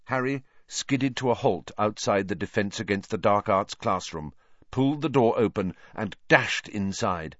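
Male audiobook narrator, lively and expressive, lowish lively voice, dull dry lo-fi sound. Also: measured pace, no echo. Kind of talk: scripted narration.

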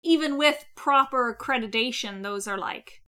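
A woman's voice: fairly high pitch, normal speed, bright, forceful tone, clean tone. A woman co-hosting a casual podcast chat, blunt and skeptical, swearing casually. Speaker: podcast co-host.

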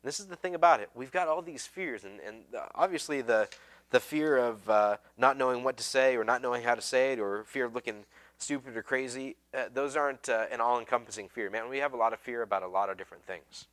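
A man's voice: medium pitch, brisk, fairly bright tone. A man preaching a sermon as a pastor, telling stories in a casual, self-deprecating way with lots of fillers and restarts.

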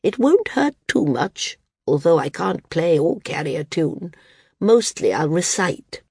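A frail old woman near death, weary yet frank, speaking low and slow with a gravelly, husky edge, as a woman reading a storybook voices her. Her words are gently firm and a little wry. The sound is dry and close. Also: sing-song, no echo, exaggerated voice. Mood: earnest.

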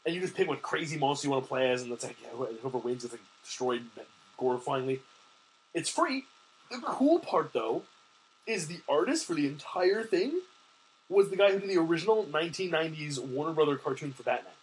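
Fast-talking young man, faint hiss. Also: a little high, animated, poor audio. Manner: fast, laughing banter. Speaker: podcast co-host. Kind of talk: casual chat.

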